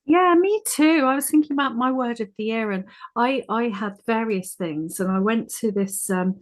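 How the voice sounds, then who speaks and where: A chatty woman from the UK hosts a relaxed podcast conversation, often restarting her sentences as she thinks aloud. She is talking to a guest over a remote call, with the easy flow of informal chat. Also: on the high side, normal speed. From United Kingdom. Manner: chatty, warm-hearted, many restarts. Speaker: podcast host and coach. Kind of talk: casual podcast interview.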